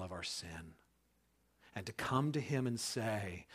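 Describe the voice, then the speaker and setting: A man's voice: on the low side, animated, slow pace, long pauses, fairly bright tone, slightly rough. A man in his thirties, a pastor, telling a personal story in a casual way and then preaching with emphatic, building conviction.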